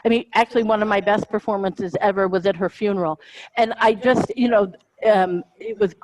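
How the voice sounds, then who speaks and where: A woman's voice: mid-range voice, steady tone, fairly quick, darkish tone, no room sound, rough recording. A middle-aged American woman comedian telling stories in a casual interview, rambling and self-interrupting, laughing often. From United States. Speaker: comedian guest.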